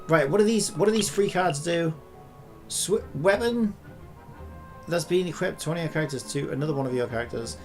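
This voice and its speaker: Dude streaming a card game, keeps cussing out the game, kinda high voice. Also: male voice, brisk, soft background music. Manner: frustrated, swears a lot, rants at the game. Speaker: gaming streamer. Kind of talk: live gameplay commentary.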